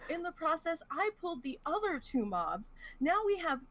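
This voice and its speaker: A woman co-hosting a podcast, retelling a gaming mishap in a lively, laughing way. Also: extremely high pitch, normal speed. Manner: animated, laughs through the story. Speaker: podcast co-host. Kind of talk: casual storytelling chat.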